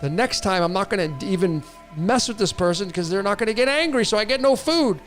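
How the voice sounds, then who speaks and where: Man plays hungry anger-feeding spirit, goading and greedy, pitched up high. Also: animated, a little fast, soft background music. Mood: sulking. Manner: greedy, goading, chanting demands.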